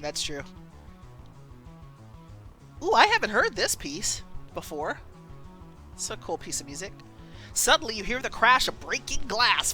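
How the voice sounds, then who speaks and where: Animated woman reading a story game. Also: mid-range voice. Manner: animated, chatty. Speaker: streamer.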